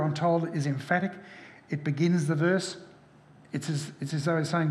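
Guy preaching a sermon, kinda high voice, lots of "isn't it?" questions, roomy echo. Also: steady tone, a little fast. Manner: asks rhetorical questions. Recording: echoey hall from far off.

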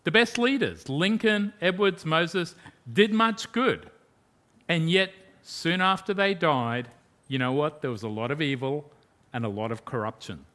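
A male preacher delivers a sermon with a bright, forceful edge to his voice. His pitch sits somewhat high for a man. He talks emphatically, throwing out rhetorical questions and dropping from loud to hushed. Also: animated, a little slow.

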